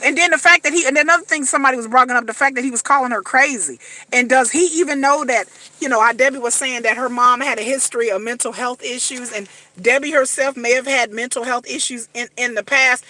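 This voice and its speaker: Bright-voiced woman ranting profanely. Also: sits high, no echo. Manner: profane, emphatic, repetitive. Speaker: reality TV commentator. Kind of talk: casual ranting commentary.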